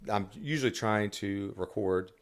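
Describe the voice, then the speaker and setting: A man's voice: lowish voice, a little slow. A man talking as a songwriter guest on a podcast, rambling casually with many restarts and fillers.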